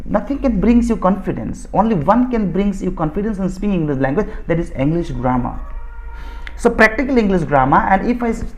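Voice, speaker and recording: A man's voice: high voice, lively intonation, fairly quick, faint music behind. A man from Assam with an Indian accent, a native Bodo speaker, teaching spoken English in a lecture. He talks in a repetitive, insistent way, often rewording phrases and restarting sentences. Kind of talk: explanatory lecture.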